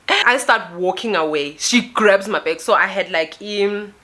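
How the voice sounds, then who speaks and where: Storytime vlogger: South African woman, bright and animated. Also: mid-range voice, normal speed. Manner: animated, dramatic storytelling with filler tags. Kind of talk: storytime vlog.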